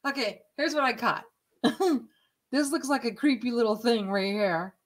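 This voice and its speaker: A woman vlogging about a night ghost hunt, talking casually with lots of swearing and laughter, sometimes dropping to a hushed whisper. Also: fairly high pitch, measured pace. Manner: profane, laughing, excitable storytelling. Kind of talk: casual vlog narration.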